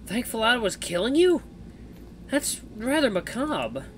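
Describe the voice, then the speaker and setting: A man voicing the quiet first-person hero of a visual novel, speaking in a mild, questioning way. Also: extremely high pitch, sing-song, unhurried, slight background noise, pitched above the performer's own voice, heavily acted. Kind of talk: reading a visual novel aloud.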